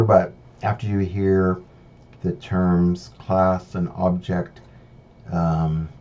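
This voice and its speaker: This programming tutorial, recorded over a screen capture, features a man whose voice is low and dark as he reasons aloud step by step, with fillers and restarts. The audio sounds a bit dull and lo-fi, carrying a faint hiss.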